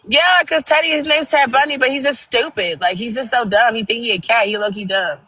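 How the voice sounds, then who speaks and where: A young woman hosting a live stream, telling animated, profane stories in casual chat and acting out the quotes. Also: on the high side, a little fast, breathy edge, dry recording, rough recording. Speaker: TikTok live host.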